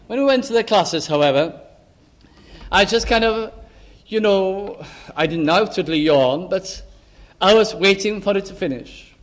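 An older man preaching a sermon into a microphone, fervent, rising to emphatic exclamations and dropping to soft asides. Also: high-pitched, expressive, a little slow, long pauses. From Lancashire, England. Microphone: amplified microphone.

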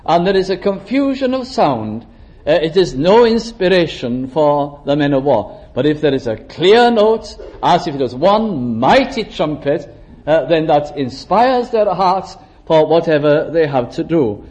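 Guy giving a sermon, fairly high voice, takes his time, clears his throat now and then. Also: very animated, a little mellow. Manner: measured, slows down to stress scripture quotations; occasional throat clearing and restarts. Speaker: preacher. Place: church service.

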